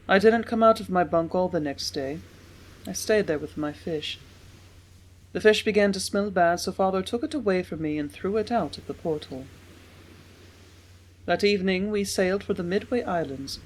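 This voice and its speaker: A woman narrating an audiobook in a measured, steady reading voice. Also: lowish voice. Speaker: audiobook reader.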